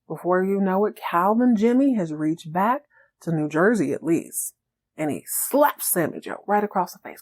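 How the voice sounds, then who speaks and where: A woman podcast host recaps a TV drama episode with a comic edge. Her pitch jumps around freely, and she slips into laughs and asides as she goes. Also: brisk. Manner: animated, joking, laughs a lot.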